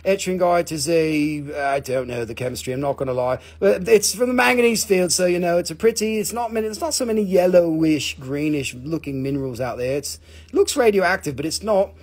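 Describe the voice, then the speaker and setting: This crystal-selling live streamer has a fairly high voice and talks briskly. His accent mixes Australian and Northern English, and he's excitable, rambling and free with swear words.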